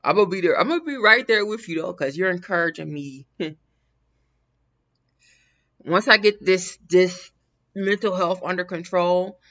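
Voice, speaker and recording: A woman's voice: fairly low pitch, moderate pace, long pauses, a bit bright. A woman hosting a casual livestream, talking in a rambling way with frequent laughs and restarts. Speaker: livestream host. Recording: dull lo-fi sound.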